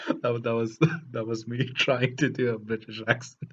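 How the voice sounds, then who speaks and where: A man hosting a podcast, giving a casual spoken film review in an earnest, chatty, self-deprecating manner with a husky voice. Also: mid-range voice, little pitch movement, normal speed, fairly bright tone, a little hiss or hum. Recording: dull lo-fi recording, faint music.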